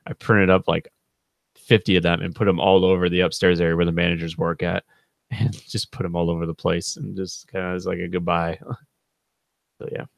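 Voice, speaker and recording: Low gravelly man telling stories. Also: little pitch movement, fairly quick, no room sound, clean studio sound. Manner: rambling, laughing, quoting friends in a raised voice. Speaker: channel host. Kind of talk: casual storytelling on a live stream.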